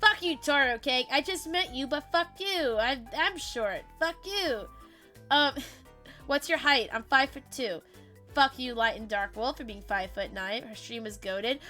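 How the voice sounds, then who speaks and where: A woman's voice: high voice, expressive, measured pace, sharp tone, faint music behind. A woman VTuber streamer chatting casually while she plays, bubbly and playful, swearing freely as she greets her chat.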